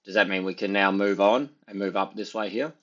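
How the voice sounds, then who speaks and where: A man's voice: lowish voice, fairly even intonation, brisk, fairly bright tone. A man giving casual, rambling commentary over trading charts, full of filler phrases. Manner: rambling, full of "sort of" and "you know". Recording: dull lo-fi sound.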